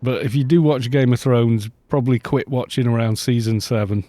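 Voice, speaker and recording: A man's voice: medium pitch, fairly even intonation, a little fast, dark tone, no room sound. A middle-aged man chatting casually and rambling on a live game stream, laughing often.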